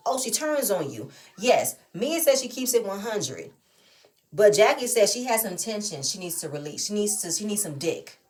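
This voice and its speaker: A woman giving a casual, animated recap and review of a reality show, often incredulous and firing off rhetorical questions. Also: mid-range voice.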